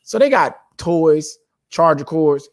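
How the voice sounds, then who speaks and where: Laughing and cursing, this man acts out quotes as he rambles through a family story on his podcast, recorded casually in a home studio with lights and microphones. His fairly high voice moves slowly with lively intonation, and there's no echo.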